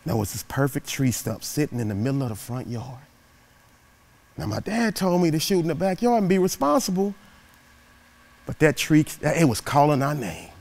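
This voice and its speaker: A male motivational speaker telling a story with great drama. His voice swings widely, rising high for punchlines and dropping to a hush for suspense. The delivery is animated and preacher-like. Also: moderate pace, creaky. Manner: animated, dramatic, shifting from loud to hushed.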